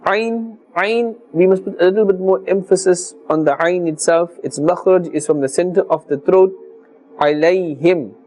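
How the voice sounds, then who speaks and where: A man teaching Quran recitation on a televised religious lesson, speaking formally and earnestly and sounding out letters slowly and carefully. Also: high-pitched, fairly even intonation, warm tone.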